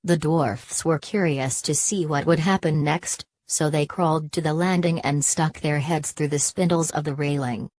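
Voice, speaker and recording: A woman narrating a children's storybook in an even, scripted reading voice. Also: low-pitched, moderate pace, hardly any pauses, no echo.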